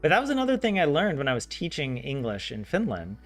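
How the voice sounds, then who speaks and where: Soft game music underscores this fast-talking man with a fairly high voice and a Southern American accent. Hosting a vlog about learning a language, the Southern U.S. native chats loosely, rambling with lots of "like" fillers and lively asides.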